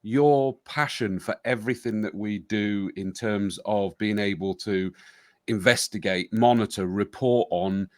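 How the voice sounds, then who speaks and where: A man's voice: fairly low pitch, measured pace, no room sound, studio quality. A British man hosting a podcast, chatting casually with a jokey, self-deprecating manner. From Britain. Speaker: podcast host.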